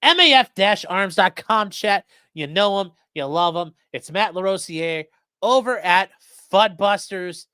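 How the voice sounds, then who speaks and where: A man's voice: high-pitched, clean tone, dry recording, clean studio sound. A man co-hosting a livestream, reading sponsor spots in a rambling, sarcastic, joking way and talking straight to the chat. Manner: sarcastic, rambling, deadpan jokes addressed to chat.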